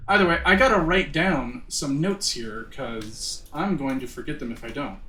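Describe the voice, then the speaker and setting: Over game music in a roomy space, a streamer gives live gameplay commentary, talking with his audience, laughing a lot and tripping over words. He has a medium pitch, a moderate pace and a bright, forceful tone.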